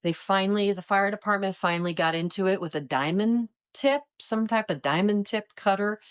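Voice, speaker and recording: A woman in her fifties from Iowa, a retired agent telling stories in a relaxed interview and acting out the voices of others. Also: mid-range voice, moderate pace, smooth. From Iowa, United States. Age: 50s. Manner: animated, acts out quoted voices. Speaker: retired DEA agent, guest. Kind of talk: casual interview storytelling.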